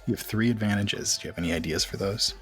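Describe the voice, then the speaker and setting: A man running a tabletop game as game master, narrating scenes in a relaxed, conversational way. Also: lowish voice, fast talker, soft background music.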